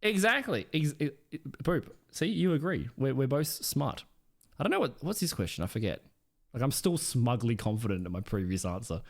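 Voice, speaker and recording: A man's voice: medium pitch, animated, normal speed, a little mellow. A man with a South Australian accent chatting casually with his stream chat, playful and smug, swearing offhand.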